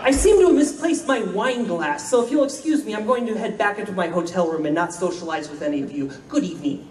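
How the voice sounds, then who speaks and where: A man from Florida telling wry, deadpan comic stories on a convention stage. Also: high voice, fast talker, far from the mic, noisy background. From Florida, United States. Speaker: convention storyteller, comedian. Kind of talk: stand-up storytelling. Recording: roomy hall, voice from afar.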